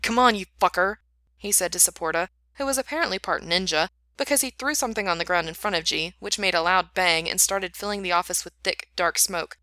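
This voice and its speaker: A woman narrating a story in an even, steady reading voice. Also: on the low side, fairly quick, few pauses, no room sound, clean studio sound.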